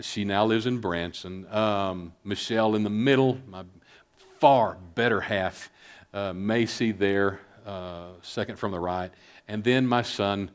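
A middle-aged man giving a filmed public talk, speaking earnestly and haltingly with many fillers, calm and reflective. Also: fairly low pitch. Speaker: speaker on suicide prevention.

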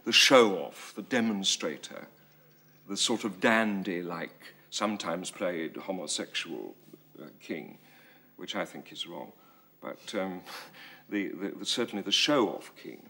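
A man's voice: sits low, a little slow, a bit bright, slightly rough. A man discussing a role he once played, thoughtful and searching for words, a little hesitant. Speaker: actor in a masterclass. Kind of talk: reflective discussion.

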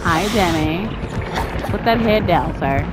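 A woman giving loud, excitable gameplay commentary, cheering her teammates on and trash-talking the opponent. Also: fairly low pitch, takes it slowly. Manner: trash-talks the killer. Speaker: gaming video creator. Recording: loud game music behind the voice.

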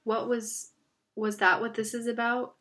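A woman's voice: on the high side, little pitch movement, measured pace, fairly bright tone. Woman voicing a glum, mumbling teenage boy. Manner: mumbling, subdued. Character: tired, worried teenage boy.

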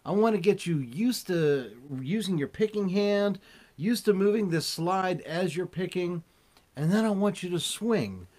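A man teaching a relaxed guitar lesson, explaining in an easygoing way while he plays. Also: high-pitched. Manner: slow, easygoing, demonstrates while talking. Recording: loud guitar under the voice. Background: loud cigar box guitar playing.

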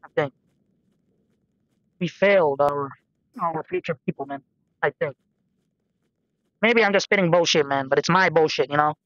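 A man's voice: a little high, normal speed, long pauses, a bit bright, no room sound, muffled recording. A young man giving rambling, self-deprecating commentary over a game, swearing casually and musing aloud. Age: young adult. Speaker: gameplay commentator. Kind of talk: rambling let's-play commentary.

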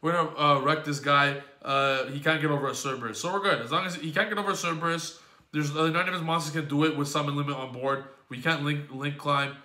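A man with a bright, forceful voice that sits a little high for a man talks through his card game matches. He rambles, curses and sounds exasperated at his own losses. The sound bounces around an echoey room. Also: steady tone, fast talker. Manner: exasperated, profane, rambling play-by-play. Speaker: YouTube gaming host. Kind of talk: card game commentary recap.

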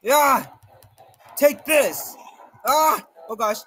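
A man giving jittery, excitable live gameplay commentary, talking to himself and to viewers and exclaiming nervously throughout. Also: very high-pitched, drawn-out words, faint music behind. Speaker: gaming video creator.

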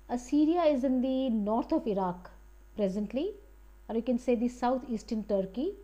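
A woman's voice: fairly high pitch, mellow. A woman teacher reading a story aloud to her students and explaining it line by line in plain words. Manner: reads passages aloud and paraphrases them plainly. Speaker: English teacher.

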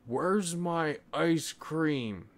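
A man's voice: a little high, drawn-out words, voice pushed up. A man voicing a whiny little boy who only wants ice cream, reading a children's storybook aloud.

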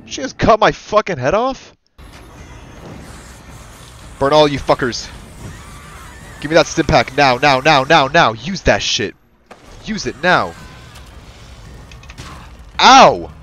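Excitable, swearing man gaming. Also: fairly high pitch, takes it slowly, pauses often, slight background noise. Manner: excitable, profane, yells at the game; talks to in-game partner like a buddy. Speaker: gaming channel host. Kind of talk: let's-play commentary.

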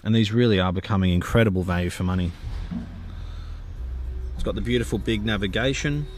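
Enthusiastic car dealer, lowish voice. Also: male voice, brisk, over music. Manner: enthusiastic, gushing sales talk. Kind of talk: car sales walkaround.

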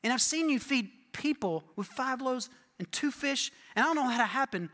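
A man's voice: very high-pitched, animated, moderate pace, pushed and bright, heavily acted. A man preaching who acts out a frightened, impulsive fisherman disciple, pleading and panicky, in a church hall with long reverb. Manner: pleading, then panicky and breathless.

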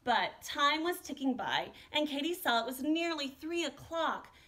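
A woman art teacher reading a children's picture book aloud with an expressive, animated delivery. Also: high voice, a little slow. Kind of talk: storybook read-aloud.

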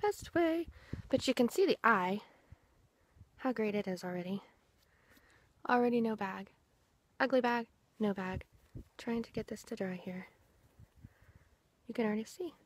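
A middle-aged woman chatting outdoors as she walks viewers through a skincare product, often clearing her throat. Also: fairly high pitch, animated, measured pace, pauses often. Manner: chatty, talks viewers through each step. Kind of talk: casual product demonstration vlog. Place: outdoors in the wind.

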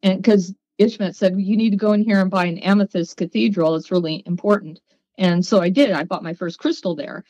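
A woman guest on a podcast, telling her story in a lively way and acting out the voices of people she quotes. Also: medium pitch, fairly quick, no echo, dull audio. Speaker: guest, psychic.

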